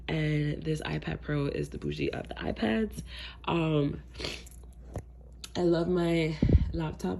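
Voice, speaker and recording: A tech vlogger with a low, creaky, dark-toned voice and a stuffy, congested sound chats through a casual unboxing vlog. She's laid-back, tossing in frequent ums and slang, with a faint hiss or hum in the background.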